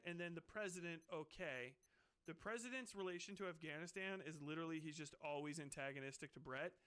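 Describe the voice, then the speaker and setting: A man's voice: a little high, bright, forceful tone, smooth. Rambling, swearing male streamer. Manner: rambling, swearing, ranting, laughing asides. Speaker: streamer reading a book aloud. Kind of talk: casual profane commentary on a book.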